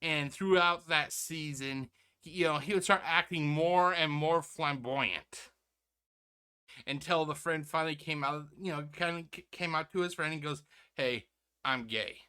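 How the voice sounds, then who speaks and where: A man's voice: fairly high pitch, steady tone, moderate pace, clean tone. Sarcastic rambling male commentator. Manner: sarcastic and rambling, many restarts; addresses viewers as ladies and gentlemen. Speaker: reaction channel host. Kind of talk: casual commentary.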